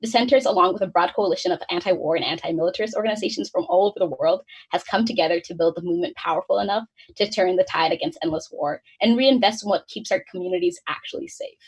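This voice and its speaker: Young woman organizer talking fast, kinda husky, lowish voice, reading her speech. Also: poor audio. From United States. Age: 20s. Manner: fast, earnest delivery read from notes. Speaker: student organizer. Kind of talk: prepared activist speech on a webinar.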